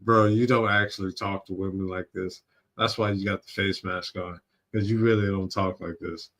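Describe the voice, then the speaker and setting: A man hosting a stream, reacting casually with slang, frequent laughter and quick apologies for cursing. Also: low-pitched, steady tone, fairly bright tone. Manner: laughs often, slangy, curses then apologizes. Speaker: streamer host.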